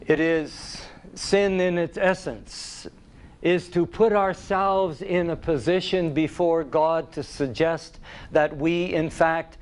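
Slow, deliberate male preacher. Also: a little high, steady tone, clean tone. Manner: deliberate, emphatic, repeats key phrases. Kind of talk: sermon.

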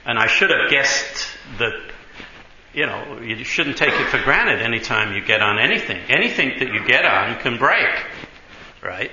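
Bright-voiced man preaching in an echoey hall. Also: mid-range voice, lively intonation, normal speed. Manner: conversational, tag questions like "you know" and "right"; laughs while telling stories. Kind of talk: sermon storytelling. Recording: roomy, dull, faint noise.

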